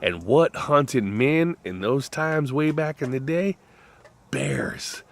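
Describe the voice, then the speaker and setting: Cursing guy rambling on, voice jumping all over, goes loud then low. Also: animated, takes it slowly, slight background noise. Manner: profane, rambling, swings between loud and low. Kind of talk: rambling monologue.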